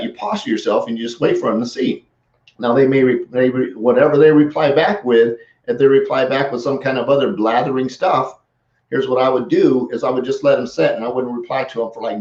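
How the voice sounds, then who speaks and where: A man's voice: mid-range voice, darkish tone. A middle-aged man giving casual sales coaching, speaking conversationally and acting out sample replies. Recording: roomy, slightly dull audio.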